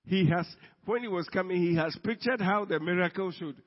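A man preaching a sermon as pastor, swinging between loud bursts and hushed asides. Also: high voice, a little fast. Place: church hall. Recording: long hall reverb, dull lo-fi sound.

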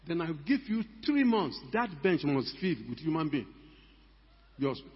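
Older husky-voiced pastor preaching in a hall. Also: male voice, on the high side, sing-song, unhurried. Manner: emphatic, rhetorical questions to the congregation. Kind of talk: sermon. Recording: echoey hall, dull lo-fi sound.

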